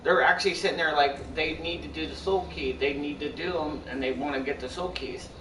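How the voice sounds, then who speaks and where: Brisk and on the high side, a young male streamer chats casually with his audience, rambling and repeating himself as he restarts sentences. He sits far from the mic in an echoey room, and background noise is present.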